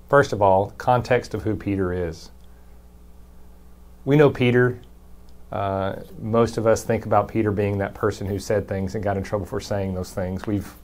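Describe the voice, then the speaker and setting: A man's voice: fairly low pitch, a little mellow. A man, a pastor, giving a brief conversational devotion and reading Scripture aloud with emphasis. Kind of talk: short recorded devotion.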